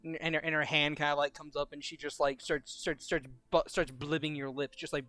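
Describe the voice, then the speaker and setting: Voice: medium pitch, flat delivery, pushed and bright, no echo. A game master narrating a tabletop game, laughing and restarting often. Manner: laughing, halting, lots of restarts.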